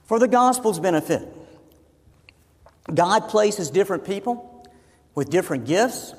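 A pastor delivers a sermon in a voice that sits high for a man, pressing each point by repeating it. His words ring out in a church sanctuary with a long reverb trailing behind them. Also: expressive, unhurried. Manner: emphatic, repeats phrases for emphasis.

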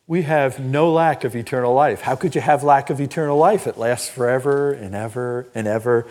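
An older man preaching a sermon as pastor, telling personal stories in an animated, emphatic way. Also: mid-range voice, moderate pace. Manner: storytelling, animated and emphatic, laughs at own stories. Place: church.

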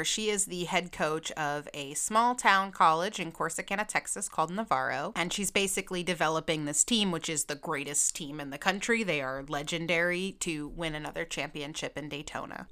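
A young woman hosting a casual vlog, ranting in an animated, profane, emphatic way. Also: sits low. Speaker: video host.

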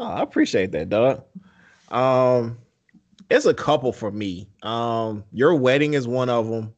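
A man with a mid-pitched voice hosts a casual podcast in a laid-back, slangy way. He laughs easily and keeps the talk loose and friendly. The sound is a little dull and lo-fi. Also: big pitch swings, unhurried. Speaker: podcast host.

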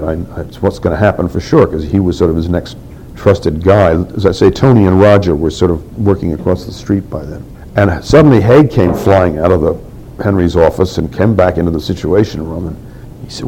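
Older man with a deep, dark voice. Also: creaky, a little hiss or hum, rough recording. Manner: candid storytelling, quotes others in dialogue. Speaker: oral history interviewee. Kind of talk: oral history recollection.

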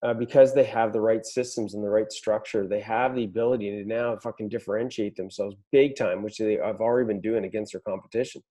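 A man's voice: on the low side, steady tone, fairly quick, few pauses, mellow. A man hosting a podcast, giving a blunt, profane motivational pep talk to business owners. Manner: blunt, swears a lot, pep-talk energy. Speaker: podcast host.

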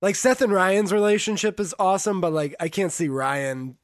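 Podcast co-host, middle pitch, dry close mic, chatty and joking. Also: normal speed, no room sound. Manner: chatty, jokey, trails off mid-thought. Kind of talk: casual recap chat.

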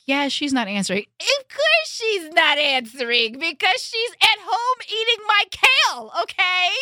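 Female host, casual and emphatic, bright and fairly high voice. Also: no room sound, clean studio sound. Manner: animated, emphatic, acts out quotes. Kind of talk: storytime vlog, casual chat.

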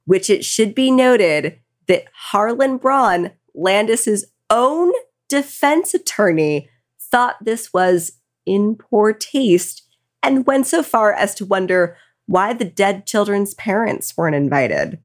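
A woman's voice: medium pitch, animated, slow. A tipsy woman co-hosting a podcast, retelling a true crime case casually with angry asides. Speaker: podcast co-host.

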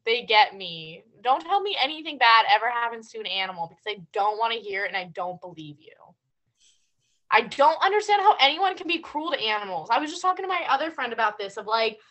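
Animated young woman ranting casually. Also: fairly high pitch, fairly quick, highs cut off. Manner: animated storytelling, ranting, heavy use of "like". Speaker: podcast co-host. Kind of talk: casual chat.

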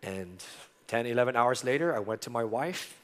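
A middle-aged man preaching a sermon, earnest, moving from loud emphasis to soft, intimate tones. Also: mid-range voice, fairly quick. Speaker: pastor. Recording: long hall reverb.

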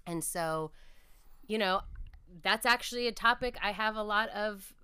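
A woman's voice: mid-range voice, unhurried, pushed and bright, clean tone, dry recording. A woman speaking as a podcast guest, telling reflective, earnest stories about her faith in a conversational interview.

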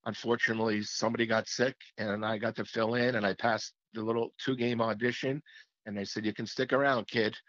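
Former hockey announcer guy telling old stories, kinda low voice, muffled dry audio. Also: level tone, fairly quick, fairly bright tone, no room sound. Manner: reflective storytelling with frequent restarts. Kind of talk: reminiscing interview talk.

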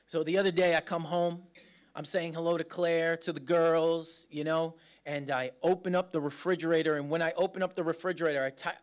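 A man preaching a sermon in a casual, joking, self-deprecating way, laughing often as he talks. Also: a little high. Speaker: pastor.

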